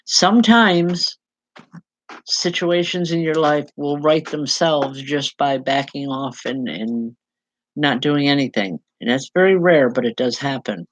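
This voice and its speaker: A woman medium giving a live spiritual reading to viewers, speaking in halting, repeated phrases with soft reassurance. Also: low-pitched, slight background noise, low-quality recording. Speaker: psychic medium.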